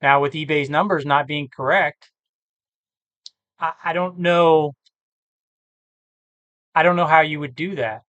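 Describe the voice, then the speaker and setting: A tired man who talks casually and thinks out loud, rambling and correcting himself as he works through reseller listings. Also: on the high side, fairly even intonation, a little slow, long pauses, dry recording, muffled recording. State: tired, yawning. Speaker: eBay reseller vlogger. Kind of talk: casual screen-share commentary.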